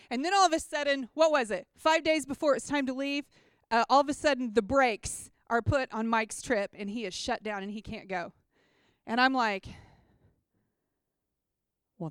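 A woman gives a personal faith testimony in a casual, heartfelt way, full of "like"s and restarts. Her voice sits high and sounds smooth and clear. The recording is dry and close. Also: a bit bright, no room sound. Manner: casual and earnest, lots of "like" and restarts. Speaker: mission trip team member.

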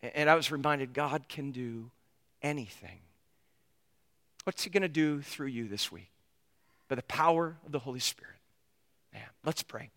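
A man from the United States preaching as a pastor, telling a story in a lively, animated way. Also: medium pitch, moderate pace, pauses often, in a large hall. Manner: animated storyteller who acts out the dialogue he retells. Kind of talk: storytelling sermon.

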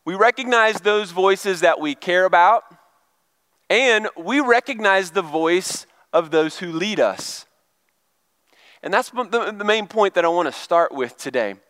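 A man's voice: high-pitched, fairly bright tone, smooth, dry recording. A middle-aged male pastor giving a chatty, conversational sermon and asking the congregation questions. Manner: chatty, asks the crowd questions.

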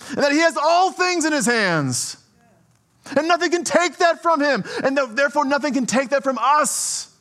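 A man preaching a sermon in a conversational, animated way, often checking in with "right?" and swinging between soft and emphatic delivery. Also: extremely high pitch.

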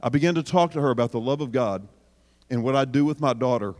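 A man preaching to a live audience about parenting, animated and joking, talking straight to the crowd. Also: medium pitch, fast talker. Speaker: speaker on parenting. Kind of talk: sermon. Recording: long hall reverb.

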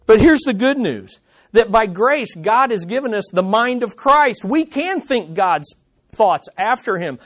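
Guy preaching a sermon, kinda high voice, keeps hammering the same question over and over, really emphatic. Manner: emphatic, repeating rhetorical questions.

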